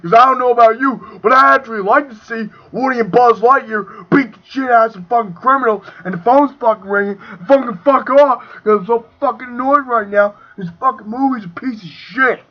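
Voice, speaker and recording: Young man, very high voice, angry profane rant, lo-fi muffled sound. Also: a little fast, few pauses. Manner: profane, ranting, swings between shouting and muttering. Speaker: video reviewer. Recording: dull lo-fi home recording.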